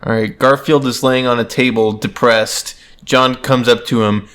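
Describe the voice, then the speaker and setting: A man co-hosting a let's play in casual banter, reading comics aloud with wry, deadpan asides. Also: mid-range voice, moderate pace, smooth.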